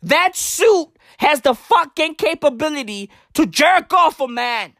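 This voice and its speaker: A woman's voice: high voice, lively intonation, measured pace, a bit bright, dry recording, clean studio sound. A woman delivering a crude, rambling, profane comedic rant in slangy bro talk.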